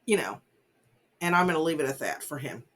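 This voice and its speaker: A woman's voice: sits low, lively intonation, brisk, fairly bright tone. A woman vlogger giving casual commentary on a news case, earnest and full of fillers like "you know". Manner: earnest, many fillers, urges listeners not to judge. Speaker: vlogger host.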